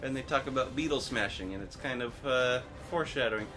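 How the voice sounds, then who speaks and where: A young man co-hosting a casual podcast, animated and analytical as he argues points about a TV episode, laughing easily. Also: medium pitch, quick pace, music in the background. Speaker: podcast co-host. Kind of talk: casual chat recapping a TV episode.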